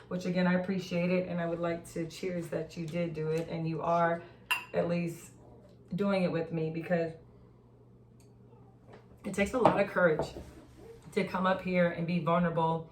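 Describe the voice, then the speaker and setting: Chatty woman host in an echoey room. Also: fairly low pitch. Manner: chatty, laughing, acts out quotes. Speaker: podcast host. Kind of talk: casual chat. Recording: echoey room, distant mic, faint noise.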